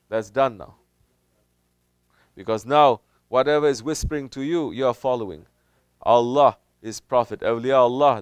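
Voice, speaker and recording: A man preaches in a lively, animated manner. He often rises sharply to mimic skeptics, then drops low to warn. His voice is smooth and resonant, recorded close and dry. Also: no echo. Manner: animated, acts out doubters in raised voice. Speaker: Sufi teacher. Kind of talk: sermon answering questions.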